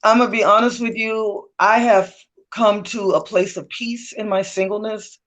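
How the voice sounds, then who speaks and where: A woman's voice: medium pitch, moderate pace. A woman, a guest author, talking in an interview and telling stories expressively, slipping into other people's voices. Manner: expressive, acts out quoted voices, laughs often. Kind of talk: animated storytelling in conversation.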